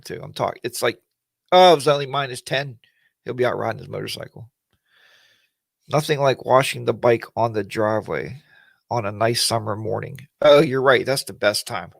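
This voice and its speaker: A man's voice: mid-range voice, lively intonation, fairly quick, vocal fry, breathy edge, no echo. A man hosting a casual weekly livestream chat, rambling in a folksy way and greeting viewers by name.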